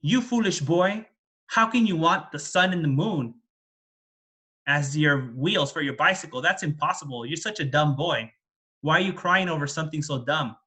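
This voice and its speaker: A man's voice: on the high side, normal speed, bright, forceful tone, slightly rough. A man voicing a grieving, remorseful middle-aged father who blames himself for his son's death, in a told story. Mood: angry. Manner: lamenting, self-reproaching, then scolding.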